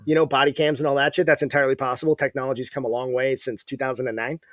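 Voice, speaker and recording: A man in his thirties telling a story in a casual chat, animated and profane. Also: medium pitch, very fast. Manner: animated, profane, acts out quotes. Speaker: podcast guest.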